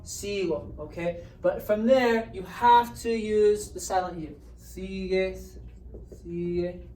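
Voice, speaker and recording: Slow-talking woman teacher in a roomy room. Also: medium pitch, fairly even intonation, mellow. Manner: patient, explaining step by step, checks in with "right?". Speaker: Spanish teacher. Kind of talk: classroom grammar lesson. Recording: roomy echo, distant mic, faint hiss.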